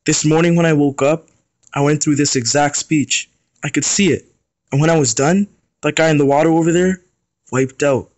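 A young man voicing a quick-tempered psychic teenage girl in a school short story, reading her lines a little higher and with earnest emphasis. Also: a little mellow, dry recording, lightly acted. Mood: puzzled.

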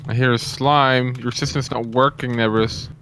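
A man's voice: medium pitch, steady tone, normal speed, fairly bright tone, a little hiss or hum. Male gamer, mid-range voice, playful teasing voice-chat banter. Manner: teasing, laughs often. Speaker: game player. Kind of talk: casual gaming chat.

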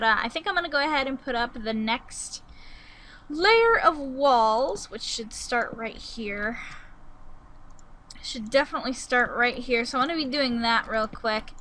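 Bright-voiced young woman gaming. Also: fairly high pitch, slight background noise, poor audio. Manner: chatty, musing aloud, sudden excited outbursts. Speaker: Let's Play gamer. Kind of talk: casual gameplay commentary.

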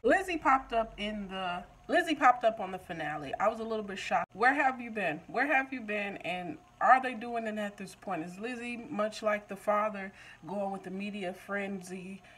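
A woman's voice: medium pitch, normal speed, fairly bright tone, husky, poor audio. A woman recapping a TV episode in a casual, joking way, talking back to the show. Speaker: TV recap vlogger.

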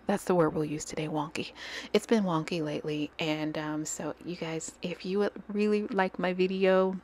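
A woman hosting her planner channel at home, chatting and rambling while she decorates a digital planner into a desk microphone. She gushes over what she likes and drops into soft, near-whispered asides. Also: fairly low pitch, steady tone, normal speed.

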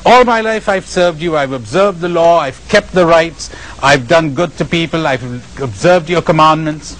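A man's voice: a little high, moderate pace, a bit bright, lightly acted, poor audio. A man doing a pleading pious old man with an Indian accent. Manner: wheedling, insistent bargaining.

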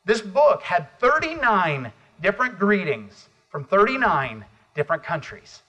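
Energetic high-voiced male keynote speaker. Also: measured pace. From United States. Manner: energetic, calls for audience responses. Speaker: motivational speaker. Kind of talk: live conference keynote. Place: conference room with audience.

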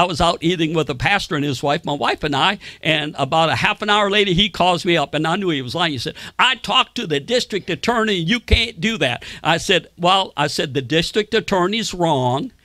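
A man's voice: on the high side, a bit bright, no room sound. A man preaching a sermon, telling personal stories and quoting people in raised voices. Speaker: pastor.

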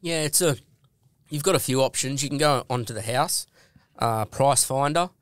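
A man's voice: medium pitch, normal speed, no echo, clean studio sound. An Australian man who works as a real estate agent, a podcast guest telling stories bluntly and swearing freely. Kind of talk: casual podcast interview.

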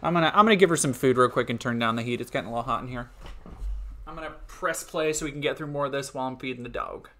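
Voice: medium pitch, very fast, bright, forceful tone. A streamer reacting live to a comedy clip, profane, scornful and sarcastic.

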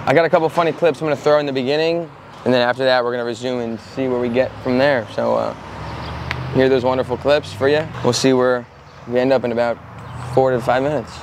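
Male prank vlogger, rapid teasing patter, mid-pitched voice. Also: fairly even intonation, noisy background. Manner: playful, teasing banter. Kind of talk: casual vlog and street pranks.

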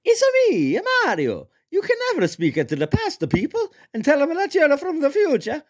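A cheerful cartoon plumber from a video game, with an Italian accent. His squeaky falsetto leaps up and down in a bouncy sing-song. The voice sounds strange and far from a natural speaking voice. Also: wildly swooping pitch, normal speed, heavily acted. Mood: chirpy.

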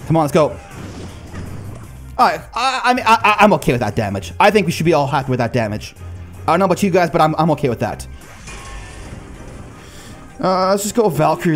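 A young man giving excited live commentary on his own gameplay, talking to his cards and his viewers and calling himself a nub. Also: fairly high pitch, moderate pace, pauses often. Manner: excitable, talks to the cards and the viewers, self-mocking. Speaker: gaming YouTuber. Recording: faint music bed behind the voice.

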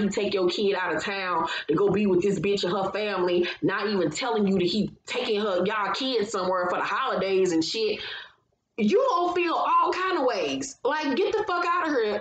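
A woman's voice: medium pitch, roomy sound, rough recording. A woman recapping a reality show in casual commentary, blunt and profane, getting heated as she gives her opinions.

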